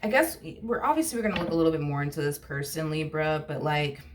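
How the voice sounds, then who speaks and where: Rambling low-voiced woman reading tarot. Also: lively intonation, fast talker, a little hiss or hum. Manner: rambling, many fillers like "like" and "you know what I mean". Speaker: tarot reader. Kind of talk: casual tarot reading to camera.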